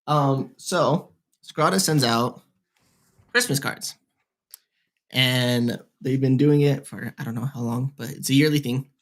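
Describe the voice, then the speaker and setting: Young male podcast co-host on headset mic, mid-pitched, loose rambling storyteller full of fillers. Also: measured pace. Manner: rambling, heavy filler "like, whatever". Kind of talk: casual storytelling.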